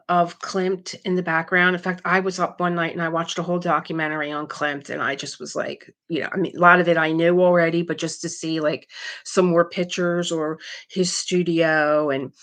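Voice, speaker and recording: A middle-aged woman with a slightly low-pitched voice hosts a casual live craft stream. She talks in an animated way, reads viewer comments aloud and laughs often.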